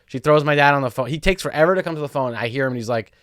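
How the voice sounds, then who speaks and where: A man in his thirties co-hosting a casual comedy podcast, telling animated stories and mimicking his parents. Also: medium pitch, rapid-fire, dry recording, clean studio sound. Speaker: podcast co-host.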